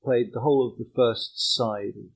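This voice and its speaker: A man's voice: medium pitch, steady tone, normal speed, gravelly, breathy edge. A man being interviewed, musing aloud and reaching for images as he talks. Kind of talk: conversational answer. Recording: dull lo-fi recording.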